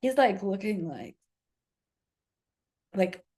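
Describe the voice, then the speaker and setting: Animated woman telling a story. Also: mid-range voice, normal speed. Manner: animated, acts out quoted voices, casual swearing. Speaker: spiritual coach. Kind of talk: storytelling monologue to camera.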